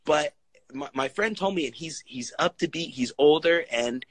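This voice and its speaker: Fairly high-pitched and speaking at normal speed, a man of Italian heritage who works as a fitness coach chats through a conversational interview. He rambles animatedly, acting out quotes, on a low-quality recording with no echo.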